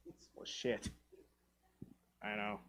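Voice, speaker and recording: A man's voice: slow pace, a bit bright, a little hiss or hum. A man in his thirties from Taiwan, performing a stand-up comedy set on a theatre stage, profane and self-deprecating, acting out quoted dialogue. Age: 30s.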